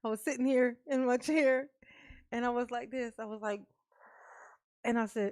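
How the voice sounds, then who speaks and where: A woman's voice: a little high, fairly even intonation, moderate pace, mellow, dry recording, clean studio sound. A woman streamer chatting casually and laughing often as she reacts live and talks to her viewers. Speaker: streamer reacting to a court livestream.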